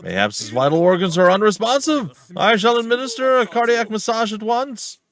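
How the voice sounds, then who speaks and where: A man voicing a pompous young gentleman who speaks in stilted, old-fashioned phrases. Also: high voice, expressive, fairly quick, pitched above the performer's own voice. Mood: grandiose. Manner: stilted, grandiose. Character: pompous formal young man, archaic speech.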